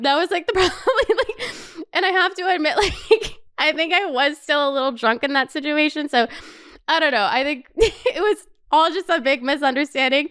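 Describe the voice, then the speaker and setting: A young woman in her twenties hosting a casual chat show, telling a travel story in an animated, swear-filled way with lots of "like". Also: sits high, normal speed. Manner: animated, swears a lot, says "like" constantly. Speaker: podcast host.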